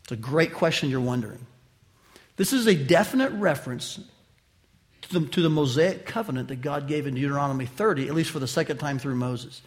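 A man with a fairly high voice preaching an expository sermon. He talks straight to his listeners, asking them questions. His delivery swings from loud to quiet for emphasis. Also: a little fast. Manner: addresses listeners directly with questions. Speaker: pastor.

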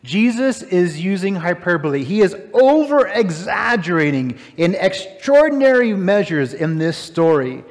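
Guy preaching a sermon, kinda high voice, big echoey hall, gets worked up and emphatic. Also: unhurried, few pauses. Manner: animated, emphatic, incredulous asides. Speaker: pastor. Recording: long hall reverb.

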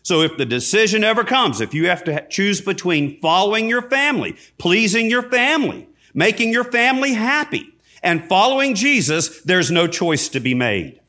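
A man preaching a sermon as a priest, emphatic, rising loud on key points and dropping low and quiet, with self-deprecating asides. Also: sing-song, normal speed.

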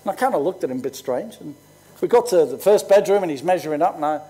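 High-voiced older man preaching. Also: expressive, quick pace, mellow. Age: 60s. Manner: conversational, storytelling preacher. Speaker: pastor. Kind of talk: sermon with personal stories.

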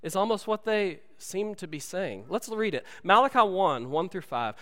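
A man preaching a sermon, telling stories in an animated way and acting out movie lines for his congregation. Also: high-pitched, normal speed, hardly any pauses, big-room sound. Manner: animated storytelling, acts out movie dialogue. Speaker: pastor. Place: church sanctuary.

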